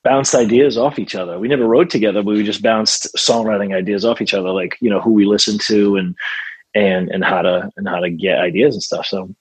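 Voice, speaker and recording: A man with a husky, fairly low voice chats loosely as a songwriter guest, full of fillers and restarts. The recording is dry and close, with no room sound. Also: fairly even intonation, fairly quick, no room sound, poor audio. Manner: rambling, with many fillers and restarts. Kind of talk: casual interview conversation.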